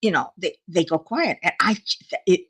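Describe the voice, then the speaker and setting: A woman's voice: on the low side, expressive, moderate pace, fairly bright tone, breathy edge. A woman hosting a casual livestream, chatting with viewers, laughing often and reading out their comments. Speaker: livestream host.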